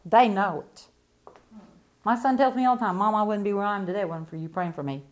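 With fervent conviction, a middle-aged woman preaches quickly in a medium-pitched voice. Her delivery alternates between quiet reflection and loud, emphatic bursts.

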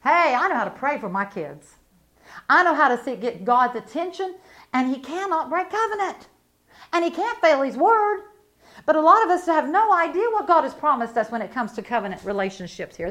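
A middle-aged woman with a fairly high voice preaches with fervent conviction. She drops low and soft for reflection, then climbs into loud, emphatic bursts. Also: very animated, moderate pace. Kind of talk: sermon.

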